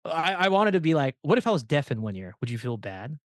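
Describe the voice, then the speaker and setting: A man hosting a podcast, telling stories in a casual, animated way and acting out the people he quotes. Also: fairly high pitch, quick pace, no echo, studio quality. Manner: animated storyteller, acts out quoted dialogue. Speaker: podcast host.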